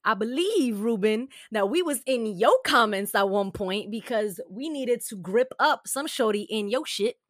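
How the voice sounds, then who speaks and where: A woman co-hosting a casual podcast chat, blunt and profane, telling animated stories. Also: fairly high pitch, a little slow, hardly any pauses, no echo, studio quality. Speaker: co-host.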